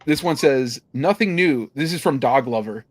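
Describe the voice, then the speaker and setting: A man's voice: medium pitch, lively intonation, moderate pace, dry recording. A young man co-hosting a podcast, casually reading news stories and listener comments aloud with joking asides. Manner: reads headlines and comments aloud with laughs and asides. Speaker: podcast co-host.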